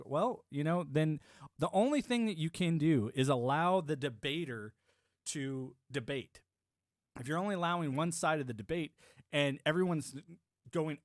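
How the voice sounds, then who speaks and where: A man's voice: on the high side, no echo, studio quality. A man hosting a livestream, riffing loosely in casual political commentary and chatting with his viewers. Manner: rambling, animated, frequent restarts and mock-quoted voices. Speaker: livestream host.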